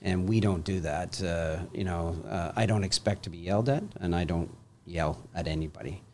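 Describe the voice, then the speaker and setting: A man speaking earnestly and in a measured way in a casual podcast chat. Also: low voice, a little mellow, a little hiss or hum. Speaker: guest.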